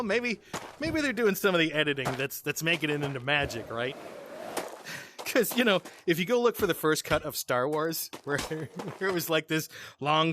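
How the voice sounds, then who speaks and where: A man with a slightly higher voice chats loosely as he plays, laughing through the story and throwing in sarcastic asides. Steady noise and clicking sit behind his voice. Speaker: gaming channel host. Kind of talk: casual storytelling while playing a game.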